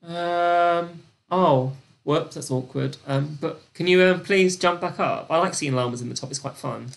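A young British woman hosting a live-streamed trivia quiz, chatty and gossipy, with excited gasps and lots of fillers. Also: low-pitched, measured pace, gravelly, faint music behind. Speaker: quiz host.

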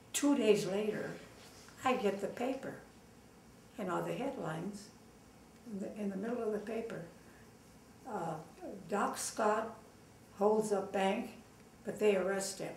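Older woman, Los Angeles native, oral-history interviewee. Gravelly, animated storyteller; echoey room, off-mic. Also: mid-range voice, slow, long pauses, far from the mic, a little hiss or hum. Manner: lively, acts out quoted dialogue with fillers. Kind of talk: casual storytelling.

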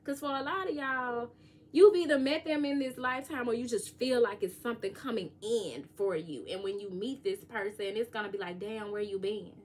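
A woman, giving a casual, joking tarot reading and sometimes singing bits of songs softly. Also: fairly high pitch, a little fast. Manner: chatty, joking, sings lyric snippets softly. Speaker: tarot reader.

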